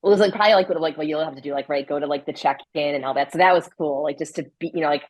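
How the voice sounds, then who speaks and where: Interview guest: woman, low voice, chatty, filler-heavy, laughs easily, dry close sound. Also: racing, a little mellow, no echo, rough recording. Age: adult with a grown daughter. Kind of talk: casual podcast interview.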